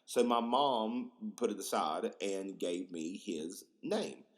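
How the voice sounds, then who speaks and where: A man's voice: fairly low pitch, animated, takes it slowly. A young man hosting a podcast, telling stories in a rambling, slangy way with lots of fillers and crude jokes. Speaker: podcast host. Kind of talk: casual storytelling monologue.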